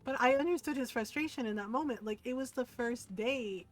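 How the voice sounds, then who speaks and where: A woman streaming a game, telling gossipy stories in a lively, casual way and swearing freely. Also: a little high, brisk, faint music behind. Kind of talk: casual live-stream chat.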